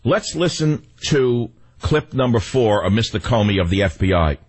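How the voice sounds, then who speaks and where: Man, radio talk host, raspy voice, mid pitch, sarcastic ranting monologue. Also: lively intonation, normal speed, darkish tone, poor audio.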